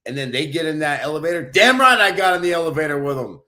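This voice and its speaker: A man co-hosting a podcast and telling stories in a loud, brash, profane way. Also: a little high, expressive, fast talker. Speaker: podcast co-host. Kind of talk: casual chat, storytelling.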